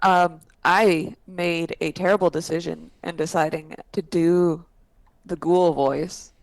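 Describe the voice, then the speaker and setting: A woman with a raspy voice, playing in a tabletop game and chatting casually, laughing often. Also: lowish voice, fairly even intonation, slow pace, dry recording, low-quality recording. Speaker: player.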